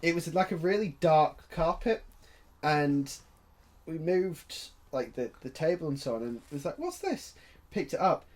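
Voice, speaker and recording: A man's voice: on the high side, moderate pace. A young man, a podcast co-host, telling a story in casual chat with lots of filler words. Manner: chatty, full of "like" fillers.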